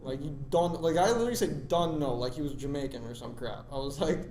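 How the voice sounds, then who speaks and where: A young man, slightly sick with a deeper voice, co-hosting a casual podcast chat and rambling freely. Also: animated, fast talker, warm tone. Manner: rambling, trying out joke accents. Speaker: podcast co-host. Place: big classroom. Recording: roomy classroom echo, faint background noise.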